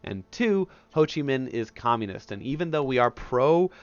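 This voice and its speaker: A man's voice: mid-range voice, lively intonation, no echo, muffled recording. A male history teacher giving a casual, conversational recorded lecture over a headset mic. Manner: casual, conversational, acts out historical figures in quick asides.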